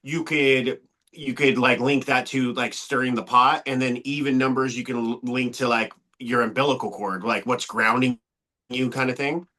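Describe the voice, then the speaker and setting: Bright-voiced hesitant male student. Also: medium pitch, steady tone, normal speed. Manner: hesitant, many likes and fillers. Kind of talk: asking a question on a call.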